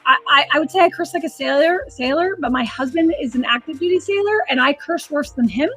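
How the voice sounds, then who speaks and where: With soft music in the background, a woman who works as a psychic and animal communicator hosts a live reading stream. She talks a little fast in a high, somewhat bright voice with lively intonation, rambling chattily and restarting sentences often.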